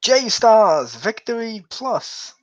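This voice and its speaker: A man co-hosting a casual gaming podcast, speaking a touch high and telling stories with lots of acted-out voices. The sound is dry and a little muffled, as on a cheap mic. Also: extremely slow, no echo. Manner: animated storyteller who acts out quotes in different voices. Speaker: podcast co-host. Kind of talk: casual chat. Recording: dull, lo-fi sound.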